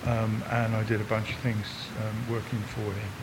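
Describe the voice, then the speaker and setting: Though his voice is monotone at a moderate pace, this English visiting preacher in his sixties keeps his church talk chatty and jokey, speaking to the congregation and drawing them in. The church-hall recording carries long reverb and a faint rumble.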